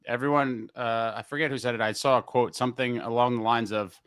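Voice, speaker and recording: A man hosting an interview, asking long, rambling questions full of fillers and getting excited as he sets the scene. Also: medium pitch, a little fast, clean tone, no echo. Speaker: podcast host and interviewer. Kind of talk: casual interview.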